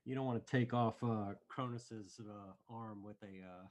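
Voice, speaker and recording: A man running a tabletop game as game master over a voice call, unhurried and easygoing. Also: fairly low pitch, steady tone. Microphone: online voice call.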